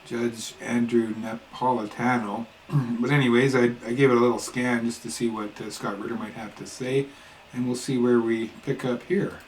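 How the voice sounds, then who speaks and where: A man's voice: mid-range voice, steady tone, moderate pace, a little hiss or hum, poor audio. Laid-back male host with wry asides. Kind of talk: casual reaction commentary.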